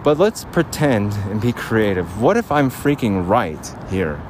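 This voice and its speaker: A man's voice: on the low side, very animated, unhurried. A man rambling through an audio diary while walking in a city park, often laughing. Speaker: podcast host. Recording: faint outdoor street noise.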